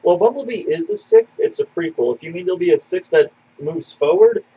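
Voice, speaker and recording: A man co-hosting a casual podcast, answering viewer questions in a rambling, animated way with many fillers and restarts. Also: sits high, a little fast, husky, highs cut off. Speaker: podcast co-host.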